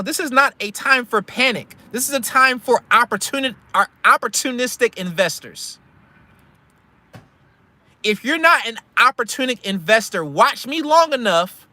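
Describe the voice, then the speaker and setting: Man, vlogger, preachy street-talk rant about investing, bright tense voice, dry close sound from a car. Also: very high voice, dry recording. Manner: blunt, preachy, slangy, repeats himself. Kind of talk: casual motivational rant. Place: parked car in a store parking lot.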